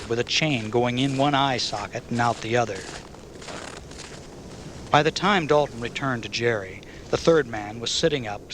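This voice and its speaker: A man narrating an audiobook novel in a measured, even storytelling manner. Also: mid-range voice, slight background noise.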